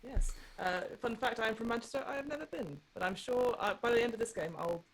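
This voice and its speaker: A woman's voice: a little high, fast talker, a loud crowd. A woman taking part as a player in a tabletop game, introducing her character in a light, casual way. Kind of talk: casual chat.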